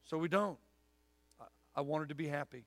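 A man's voice: on the high side, a little fast, fairly bright tone, no echo. A middle-aged man preaching a sermon in a church, folksy and storytelling, with punchy emphatic lines. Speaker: guest preacher. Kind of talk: sermon with altar call. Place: church sanctuary.

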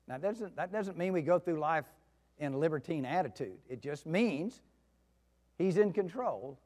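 A man preaching a sermon in a folksy storytelling way, with soft asides and loud outbursts. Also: a little high. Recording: long hall reverb.

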